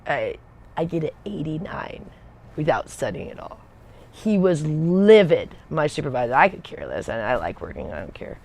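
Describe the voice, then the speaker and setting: A woman's voice: very deep voice, sing-song, brisk, creaky, slightly rough. A woman telling a casual story in a loose, rambling way. She wanders off on side paths, loses her thread and laughs often as she goes. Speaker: Air Force veteran telling stories on a livestream.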